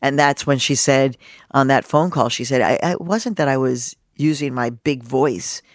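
Fifties woman from Mexico, journalist guest, expressive and lively, dry close recording. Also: a bass voice, normal speed, no echo. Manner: animated, expressive, acts out quotes. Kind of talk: personal storytelling in an interview.

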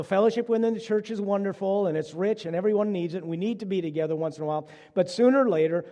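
A man preaching a sermon as pastor, telling a story with animated dialogue. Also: high-pitched, long reverb tail.

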